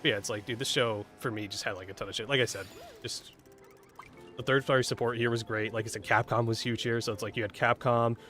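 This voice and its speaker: A man's voice: mid-range voice, steady tone, quick pace, fairly bright tone, faint music behind. A man casually commenting while playing a game, rambling with lots of fillers, swearing and laughing at his own mistakes. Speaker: gaming streamer.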